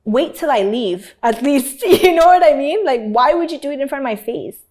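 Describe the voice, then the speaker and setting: Animated woman telling her story. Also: high-pitched, normal speed. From North Africa. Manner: animated, emphatic, acts out other people's voices; swears casually. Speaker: interview guest. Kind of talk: candid storytelling in an interview.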